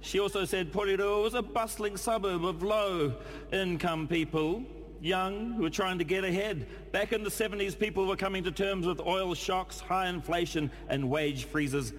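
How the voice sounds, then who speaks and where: A man with a New Zealand accent reading a letter aloud in a dry, deadpan comic style. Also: high voice, moderate pace, big-room sound.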